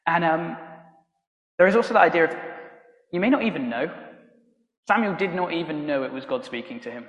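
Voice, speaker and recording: A man's voice: on the high side, fairly bright tone. Rambling preacher man in an echoey hall. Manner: conversational and halting, many ums and restarts, laughs at own stories. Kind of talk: sermon. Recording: roomy hall reverb.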